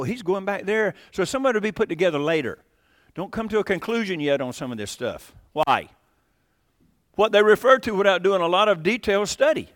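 A man's voice: sits high, a bit bright, dry recording, clean studio sound. Folksy man teaching Bible class. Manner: folksy, rambling, asks the class questions.

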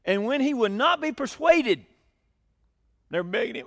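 A man preaching a sermon as pastor, animated, asking rhetorical questions and chuckling between points. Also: very high voice, unhurried, creaky.

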